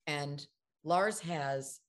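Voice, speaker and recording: An actress in an interview, telling lively anecdotes and acting out the lines of the people in them. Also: female voice, sits low, very slow. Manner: animated storyteller, acts out other people's lines. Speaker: actress guest.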